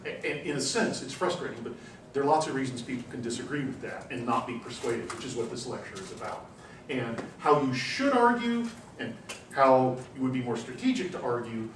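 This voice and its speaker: A man giving a university class lecture, telling anecdotes in an animated, chatty way with frequent "you know"s. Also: medium pitch. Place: lecture room. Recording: roomy classroom, distant mic, faint hum.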